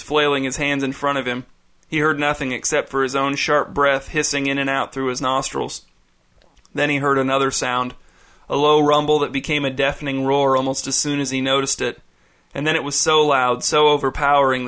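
A man reads a story aloud in a steady, measured audiobook delivery. His voice is bright and crisp, with a mid-range pitch. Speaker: narrator. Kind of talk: audiobook narration.

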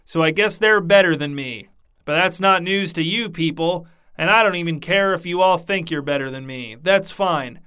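A man's voice: a little high, normal speed, sharp tone, smooth. A man voicing a drunk, self-pitying king who rambles with slurred, sheepish words. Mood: rueful.

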